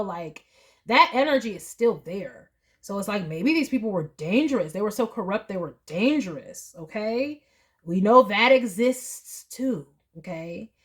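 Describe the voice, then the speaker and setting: A woman gives a tarot reading straight to her viewers in a loose, conversational way. She talks with emphatic, emotional energy and a middle-pitched voice, and she slips into quoted voices as she tells her story. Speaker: tarot reader.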